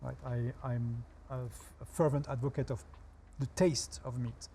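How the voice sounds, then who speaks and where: A man's voice: mid-range voice, steady tone, moderate pace, vocal fry, warm tone, slight background noise. French-accented man explaining, dry humor. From France. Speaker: guest chef. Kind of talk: TV talk show interview.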